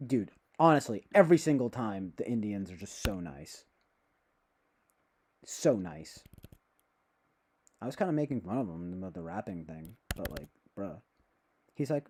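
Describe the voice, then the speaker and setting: A man's voice: medium pitch, big pitch swings, moderate pace, creaky, pauses often, darkish tone, slight background noise. A young man chatting casually on a livestream, rambling, joking and swearing a lot. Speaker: streamer. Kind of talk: casual livestream chat with strangers.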